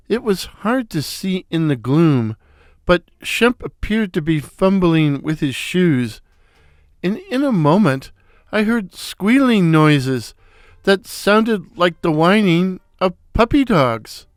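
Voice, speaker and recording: A man narrating a comic story in a wry, unhurried storytelling manner. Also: sits high, sing-song, no echo, studio quality.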